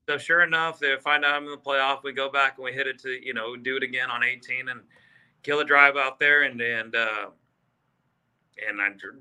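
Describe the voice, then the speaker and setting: Very bright-voiced storytelling golfer man. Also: mid-range voice, clean tone. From South Texas. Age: 50s. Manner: animated storyteller, acts out quotes, many fillers. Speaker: podcast guest, golfer. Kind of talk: casual storytelling.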